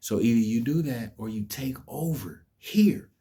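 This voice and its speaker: A man's voice: medium pitch, animated, a little slow, dark tone, breathy edge. A man giving an impassioned, preachy vlog monologue, emphatic and cursing. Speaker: vlogger.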